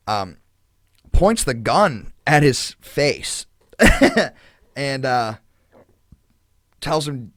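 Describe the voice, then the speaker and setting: A man's voice: medium pitch, slow pace, long pauses, no echo, studio quality. A man hosting a podcast, telling a story in casual chat with a lot of fillers, indignant and swearing freely. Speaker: podcast host.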